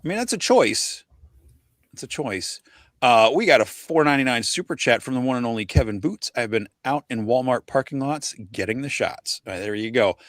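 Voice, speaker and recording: A man's voice: mid-range voice, expressive, moderate pace, no echo, clean studio sound. A man in his forties hosting a casual livestream chat, rambling and self-deprecating, tripping over names as he reads them out. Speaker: podcast host.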